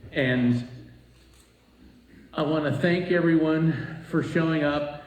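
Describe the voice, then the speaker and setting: A man's voice: on the high side, slight background noise. A man from Florida telling a personal story to a live audience, acting out the voices of people in it. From East Coast Florida. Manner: animated, acts out voices in his story. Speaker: speaker at a retreat. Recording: echoey room, voice from a distance.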